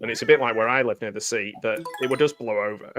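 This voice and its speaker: A man's voice: mid-range voice, a little fast, a bit bright, soft background music. A man talking casually about his trip, chatty and laughing often. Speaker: host. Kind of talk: casual chat over travel photos.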